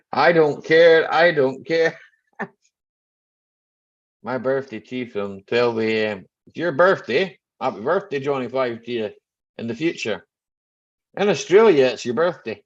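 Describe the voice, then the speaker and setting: A middle-aged Scottish man hosting a casual live chat from home, greeting viewers by name and joking. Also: medium pitch. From Scotland. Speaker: live stream host. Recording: slightly dull lo-fi live stream audio.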